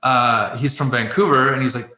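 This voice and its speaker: Bright-voiced man telling candid stories. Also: mid-range voice, moderate pace, reverberant, low-quality recording. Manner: animated, laughs often, acts out quoted exchanges. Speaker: guest, former pro athlete turned life coach. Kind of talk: candid conversational storytelling.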